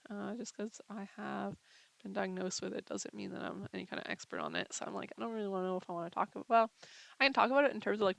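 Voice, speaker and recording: Gravelly, rambling young woman vlogger. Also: medium pitch, dry recording, low-quality recording. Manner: rambling and hesitant, heavy on fillers. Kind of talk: casual confessional vlog.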